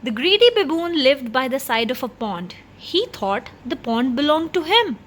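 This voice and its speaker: Lady reading a kids' story aloud, expressive, kinda high voice. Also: normal speed. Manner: expressive, shifting pace. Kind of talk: children's story read-aloud.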